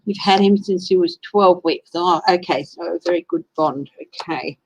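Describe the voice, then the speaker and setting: A woman's voice: lowish voice, moderate pace, husky, poor audio. A woman with an Australian accent doing a casual live-stream tarot reading, chatting and greeting viewers by name. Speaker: tarot reader.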